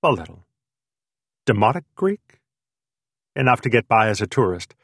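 A man's voice: lowish voice, big pitch swings, normal speed, a bit bright, slightly rough, no room sound, clean studio sound, heavily acted. A male narrator voicing a wry young American woman who teases with short, probing questions. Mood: curious.

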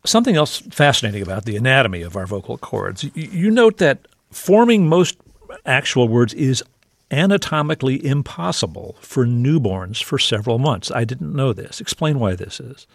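A male host with a mid-pitched, gravelly voice asking curious questions in a relaxed, conversational way. The sound is close and dry. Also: moderate pace, no room sound. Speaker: interviewer host. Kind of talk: interview questions.

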